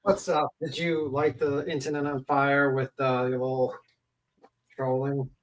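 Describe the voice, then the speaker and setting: A man's voice: mid-range voice, flat delivery, unhurried, a loud crowd. Sarcastic, teasing man on a call-in. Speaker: panel caller. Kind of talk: casual livestream chat.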